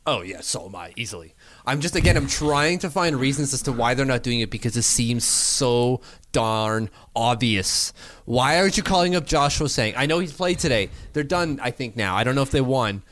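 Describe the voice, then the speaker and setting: A man co-hosting a casual sports podcast, animated and quick to laugh, thinking out loud as he talks. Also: mid-range voice, no room sound. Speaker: podcast co-host.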